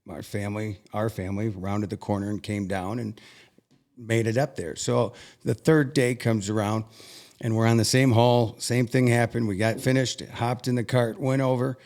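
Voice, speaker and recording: A young man earnestly recounting a personal story as an interview guest, halting and emotional at times. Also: lowish voice, fairly even intonation, a little mellow.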